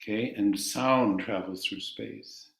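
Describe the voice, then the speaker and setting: A man teaching a chanting class, calmly explaining ideas and singing long vowels for his students to repeat. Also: fairly low pitch, slow pace, creaky, reverberant.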